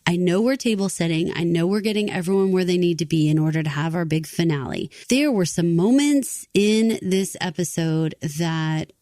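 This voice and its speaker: A woman's voice: fairly low pitch, normal speed, few pauses, dry recording, studio quality. Chatty woman co-hosting a TV podcast. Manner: expressive, chatty, uses many fillers like 'like'. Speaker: podcast co-host. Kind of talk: casual TV recap chat.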